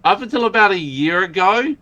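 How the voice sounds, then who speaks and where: A man's voice: high voice, expressive, a little fast, bright, forceful tone, dull audio. Agreeable male podcast co-host. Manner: agreeable, many short affirmations. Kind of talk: casual podcast chat.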